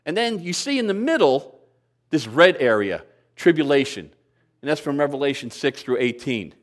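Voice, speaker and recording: Older male pastor, sermon delivery, chatty and lightly humorous, slightly high voice. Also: big pitch swings, normal speed. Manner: conversational preaching with light humor and rhetorical questions.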